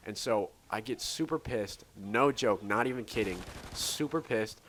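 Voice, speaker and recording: Gaming host, male, lowish voice, rambling casual storyteller, faint gunfire underneath. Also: fast talker, a bit bright, slight background noise. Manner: rambling, many "like" fillers and restarts. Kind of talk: casual storytelling over gameplay.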